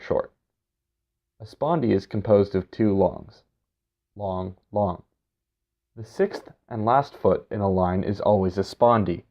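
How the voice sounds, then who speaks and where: A man giving a scripted educational narration in a measured, explanatory way. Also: fairly low pitch, gravelly. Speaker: instructor. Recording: dull, lo-fi recording.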